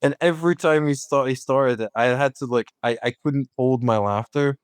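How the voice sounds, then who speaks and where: A man co-hosting a casual film podcast, excitable and repeating himself as he jumps into the talk. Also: medium pitch, moderate pace, clear, resonant tone, no room sound. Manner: excitable, repeats words when talking over others. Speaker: podcast co-host.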